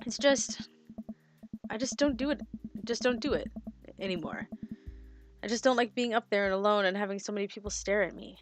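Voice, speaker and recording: A woman voicing a shy, gentle musician dad in a dating game, speaking softly and hesitantly. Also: mid-range voice, a little fast, pauses often, faint music behind, lightly acted. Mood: bashful. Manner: soft-spoken and hesitant.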